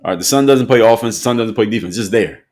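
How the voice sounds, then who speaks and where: A man's voice: lowish voice, very fast, a little mellow. A man hosting an opinion commentary show, speaking emphatically and repeating his points for effect.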